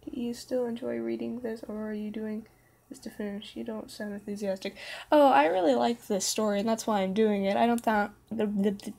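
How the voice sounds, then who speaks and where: A woman's voice: fairly high pitch, steady tone, brisk, vocal fry, darkish tone. Tired young woman, casual stream reader, stumbles and self-corrects, jokey. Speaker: reader of fan fiction. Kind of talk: casual read-aloud livestream.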